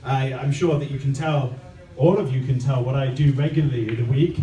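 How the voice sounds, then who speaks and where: English comedian in an echoey club. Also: male voice, mid-range voice, fairly even intonation, brisk, warm tone, distant mic. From England. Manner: dry, self-deprecating, acts out scenes. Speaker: stand-up comedian. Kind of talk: stand-up comedy set. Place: comedy club stage, live audience. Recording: echoey club from afar, audience laughter.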